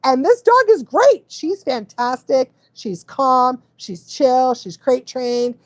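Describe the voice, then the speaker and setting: A woman's voice: high-pitched, expressive, slow pace, no room sound. A woman dog trainer giving casual live advice, chatty, often laughing and checking in with the listener.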